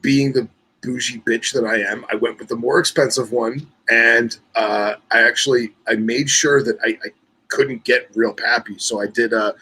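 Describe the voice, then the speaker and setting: A man co-hosting a podcast, chatting in a relaxed, self-mocking way. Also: medium pitch, moderate pace, breathy edge, low-quality recording. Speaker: podcast co-host. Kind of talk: casual chat.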